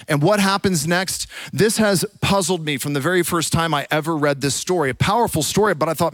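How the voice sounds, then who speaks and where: A man preaching a sermon as a pastor, telling the story with animated energy and dropping to a hush for the quiet parts. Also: sits high, normal speed, no room sound. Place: church.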